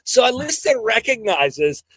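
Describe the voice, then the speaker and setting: A man's voice: very high-pitched, very animated, unhurried, fairly bright tone, no echo, poor audio. A man co-hosting a podcast, explaining his points by recounting a conversation step by step. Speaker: podcast co-host. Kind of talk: casual discussion.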